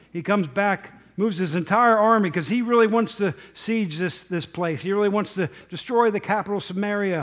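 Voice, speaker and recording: A man with a high voice teaching from the Bible in an easygoing way. He keeps stopping to ask his listeners questions. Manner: conversational, asks the listeners questions.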